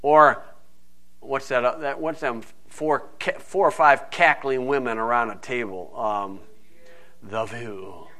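A man's voice: mid-range voice, steady tone, slow, pushed and bright. A man preaching a folksy, digressive sermon, teaching verse by verse.

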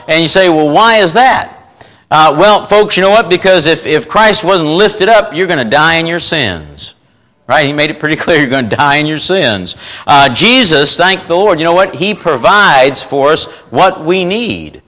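Folksy male preacher, slightly high, tense bright tone, scripture reading and questions to the congregation. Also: lively intonation, moderate pace, poor audio. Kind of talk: informal sermon with scripture reading.

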